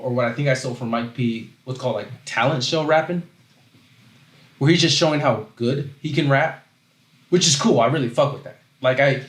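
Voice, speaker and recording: On a casual livestream, a male host rambles in loose, animated runs that keep cutting off and starting over, pausing to read the chat aloud. His pitch is an ordinary middle. A roomy echo surrounds the sound.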